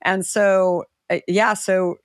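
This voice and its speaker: A woman's voice: slow pace, no echo, clean studio sound. A middle-aged woman, a guest entrepreneur, telling a story in casual conversation and acting out the people she quotes. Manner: animated, acts out quoted voices with pitch leaps.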